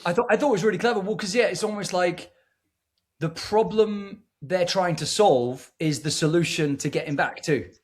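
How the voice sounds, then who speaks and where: A man chats eagerly as co-host of a movie review show, his voice sitting a little on the higher side. He gets carried away, repeating words and restarting sentences. It's loose, casual podcast talk. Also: normal speed. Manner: excitable, effusive, stumbles and restarts.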